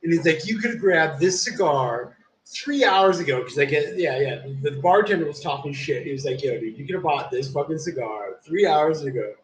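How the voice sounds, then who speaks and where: A young man with a voice pitched a bit high tells a long, winding story in loose, casual talk. He swears freely and drops "dude" into nearly every sentence. The room around him rings with echo. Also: lively intonation, moderate pace, slight background noise. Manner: profane, rambling, says "dude" constantly. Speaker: live streamer. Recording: echoey room.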